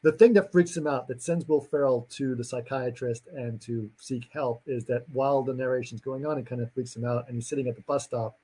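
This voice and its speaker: A man's voice: mid-range voice, fairly even intonation, a little fast, few pauses, warm tone, slightly rough, low-quality recording. A man in casual chat, rambling through a movie plot with lots of fillers and acted-out lines. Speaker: podcast co-host recapping a movie.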